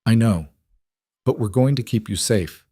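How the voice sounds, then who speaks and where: A man's voice: on the low side, unhurried, warm tone, breathy edge, dry recording, clean studio sound. A man doing a fierce, protective crime boss. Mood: intense, tender. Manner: intense, protective.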